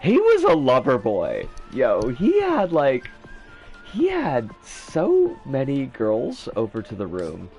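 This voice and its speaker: A man's voice: mid-range voice, huge pitch swings, slow pace, darkish tone, soft background music. A man chatting casually during a live game stream, loose and profane, often restarting his sentences.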